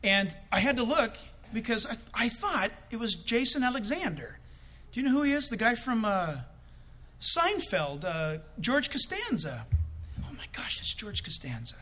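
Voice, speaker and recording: A man tells a funny story in the middle of a sermon, and his voice sits high and bright. His pitch leaps all over as he acts out the people in the story. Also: moderate pace. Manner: animated, comic acting out of quoted voices. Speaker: preacher.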